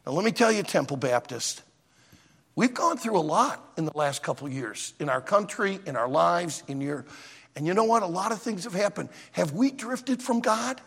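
Animated gravelly man preaching a sermon. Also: high voice, moderate pace. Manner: animated, emphatic storyteller. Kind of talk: sermon with a told joke. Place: church auditorium. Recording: long reverb of a large auditorium.

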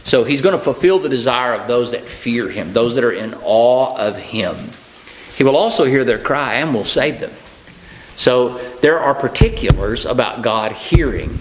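Male preacher, conversational sermon, folksy asides, plain unhurried delivery with ums and restarts. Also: mid-range voice, lively intonation, rough recording.

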